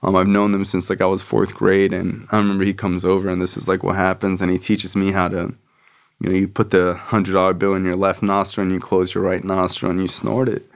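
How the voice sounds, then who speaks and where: A man's voice: low-pitched, completely flat delivery, fairly quick, creaky. A man hosting a podcast, telling a personal story in casual, slangy speech full of "like" and swearing. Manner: slangy, profane, fills with "like", acts out friends' voices. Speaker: podcast host.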